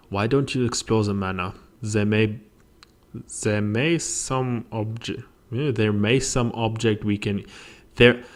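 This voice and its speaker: A man's voice: on the low side, close to an everyday voice. A man voicing an earnest, formal male doctor who speaks politely and sometimes stumbles over his words.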